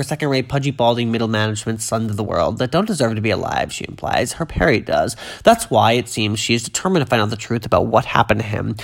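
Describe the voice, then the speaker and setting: A woman hosting a podcast in casual chat, reading an article aloud with chatty, digressive, gushing asides. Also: extremely low pitch. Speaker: podcast host.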